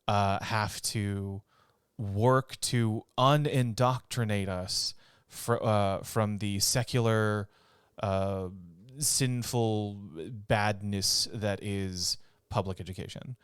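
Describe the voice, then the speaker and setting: A man's voice: lowish voice, fairly even intonation, slow pace, clear, resonant tone, dry recording, clean studio sound. A man co-hosting a gaming podcast, chatting casually and rambling while he laughs often. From North Texas. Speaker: podcast co-host.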